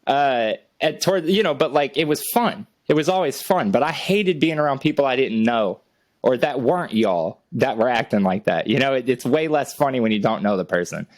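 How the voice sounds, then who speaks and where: A man's voice: medium pitch, expressive, a little fast, no echo. A young adult man, co-hosting a casual podcast, telling a rambling, profane story and laughing often. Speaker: podcast co-host.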